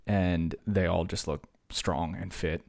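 Rambling deep-voiced podcast host in his thirties. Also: steady tone, slow, gravelly, a little mellow. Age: 30s. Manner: rambling, self-mocking, talks to himself. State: slightly wheezy after a workout. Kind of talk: casual solo podcast monologue.

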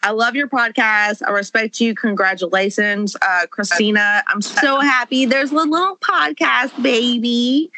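A woman's voice: on the high side, pushed and bright, a little hiss or hum, low-quality recording. A woman delivering a comedy roast with brash, profane insults.

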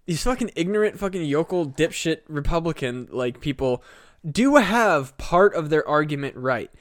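Slightly buzzed podcast dude rambling and cursing, highish voice, dry mic. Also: male voice, moderate pace, dry recording. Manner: rambling, profane, animated rant. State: a few beers in. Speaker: podcast co-host. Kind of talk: casual chat.

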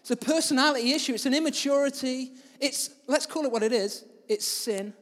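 High-voiced pastor preaching in a hall. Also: male voice, fairly quick. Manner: storytelling with big swings between loud and soft. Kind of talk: sermon.

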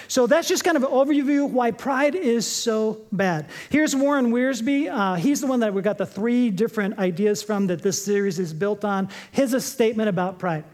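A man's voice: sits high, normal speed. A man preaching a sermon as pastor, emphatic and jokey, repeating his short points. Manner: lively, jokey storytelling preacher.

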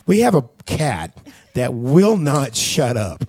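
A man's voice: mid-range voice, slow pace, breathy edge. A man hosting a podcast, chatting casually and joking with his co-host and guest. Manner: jokey, animated, puts on voices for the cat. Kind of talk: casual chat.

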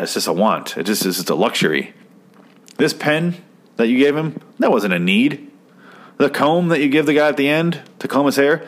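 Man with a lowish voice, casual episode recap, swears a lot, sarcastic nitpicker. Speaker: commentator reviewing a TV episode. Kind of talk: casual chat.

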